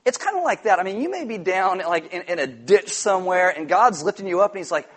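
A man preaching a sermon, animated and jokey, telling stories with loud shouted impressions. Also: high voice, fast, few pauses. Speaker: pastor.

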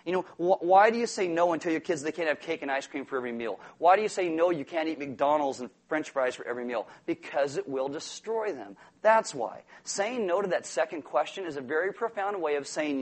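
Male pastor, high voice, animated sermon delivery with acted-out quotes. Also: a little fast, hardly any pauses. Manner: animated, acts out quotes and toddlers with big swings in volume.

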